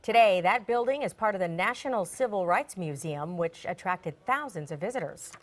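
A woman anchoring TV news and reading a script in a steady, formal way. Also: mid-range voice, moderate pace.

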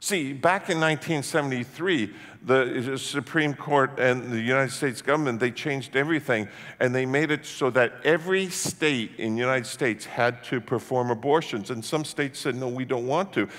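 A man from Canada preaching a sermon as pastor, emphatic and swinging from hushed tones to shouting. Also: medium pitch, normal speed, few pauses. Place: church sanctuary. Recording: long church-hall reverb.

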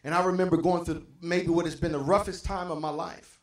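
Gravelly pastor preaching in an echoey church. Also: male voice, a little high, steady tone, fairly quick. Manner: impassioned preaching that drops to near-whispers, repeats phrases for emphasis. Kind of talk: sermon. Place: church sanctuary.

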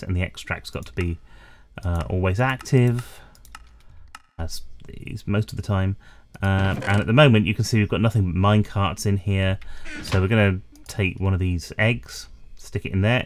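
A man's voice: fairly low pitch, a little hiss or hum. A man with a slightly strained voice, rambling casually to his chat as he plays a game. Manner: rambling, chatty, self-deprecating, talks to chat. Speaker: streamer. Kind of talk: casual gameplay commentary.

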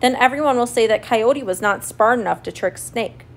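A woman voicing a clever little male mouse in a storybook reading, calm and crafty as he bargains. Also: fairly high pitch, normal speed, slight background noise, lightly acted. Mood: pleading.

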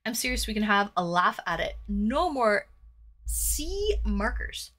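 A woman's voice: medium pitch, lively intonation, moderate pace, bright, forceful tone. A woman streaming herself painting, chatting casually, reading viewer comments aloud and cracking crude jokes. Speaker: livestreamer reading chat. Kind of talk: casual livestream chat while painting.

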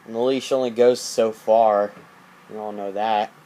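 A man's voice: on the low side, steady tone, unhurried, dark tone. Rambling jokey man on a tablet mic. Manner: rambling, jokey, repeats himself. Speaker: vlogger. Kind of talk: casual late-night vlog. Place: dark house during power outage, indoors. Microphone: tablet built-in mic.

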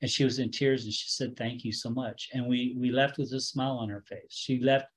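A man's voice: mid-range voice, steady tone, brisk, slightly rough, poor audio. Man telling a story as a rabbi. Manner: conversational, self-correcting, with chuckles. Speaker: Messianic rabbi teaching a Bible study. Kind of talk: storytelling sermon.

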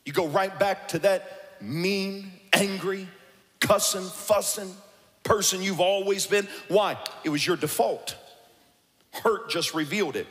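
Male pastor, high voice, animated preaching with sing-song rises, long church hall reverb. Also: measured pace. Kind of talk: sermon. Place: church sanctuary.

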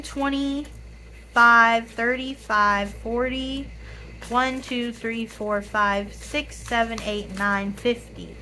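Young woman, twenties, hoarse raspy voice, slightly high, chatty and apologetic, faint background noise. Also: bright, forceful tone, rough recording. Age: 20s. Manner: chatty, apologetic, counts money aloud. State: hoarse, voice tired. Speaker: budgeting YouTuber. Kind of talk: casual chat to camera.

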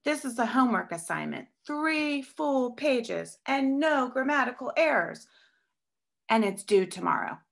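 A stern older schoolteacher who barks her orders in a Southern accent, as a woman reading aloud puts her on. The voice is gravelly, with a lot of fry underneath, and she sounds sharp and commanding. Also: high voice, very animated, a little slow, voice pushed up, full character voice. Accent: Southern American. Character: stern strict older female teacher, barking.

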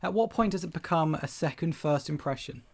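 A man's voice: fairly high pitch, brisk, gravelly. A man co-hosting a podcast, asking questions and teasing his co-host in casual chat.

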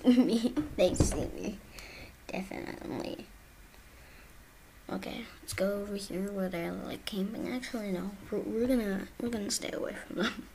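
A playful woman narrating her own gameplay, drawn-out and unhurried in her delivery. She keeps chatting to herself and slips into hushed whispers, with a faint hiss of noise behind her. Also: mid-range voice. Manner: playful, often drops to a whisper, talks to herself. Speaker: gaming video creator. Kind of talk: casual gameplay commentary.

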